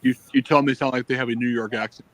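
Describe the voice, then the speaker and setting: A man in casual chat, easygoing and quick to agree. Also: medium pitch, steady tone, highs cut off. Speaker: co-host.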